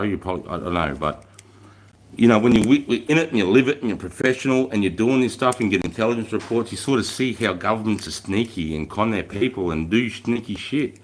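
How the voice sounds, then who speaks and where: An Australian army veteran hosting a casual live stream, talking bluntly with plenty of swearing and stumbling restarts as he answers viewers' questions. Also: fairly low pitch. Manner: blunt, heavy swearing, repeats and restarts words; reads out and answers viewer chat. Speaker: livestream host, army veteran.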